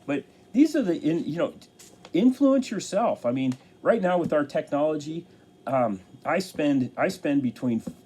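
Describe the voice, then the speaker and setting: A man giving an earnest motivational talk to camera, halting and restarting his sentences often. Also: fairly high pitch, expressive, warm tone, husky. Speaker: motivational speaker.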